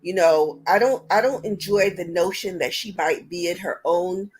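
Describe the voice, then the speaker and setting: A woman's voice: on the low side, normal speed, husky. A woman panelist on an online chat show, stating firm opinions bluntly. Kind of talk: casual online panel talk.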